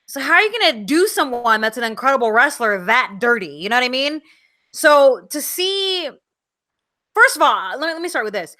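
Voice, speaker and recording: Woman, podcast co-host, casual chat, blunt, swears, bright tone. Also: high-pitched, big pitch swings, normal speed. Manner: blunt, swears freely, lots of fillers.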